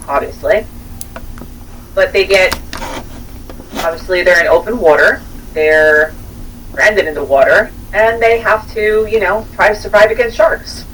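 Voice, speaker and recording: A woman co-hosts a movie chat in a relaxed, hesitant way, pausing with fillers as she explains. She sits some distance from the mic. Faint background noise runs under her voice. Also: medium pitch. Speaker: podcast co-host. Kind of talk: casual chat about movies.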